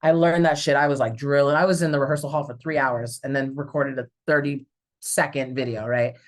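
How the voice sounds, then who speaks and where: A woman from Southern California, a stage actor, chatting as a guest and telling stories in an animated way, with many fillers. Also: extremely low pitch, brisk. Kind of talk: casual conversational storytelling.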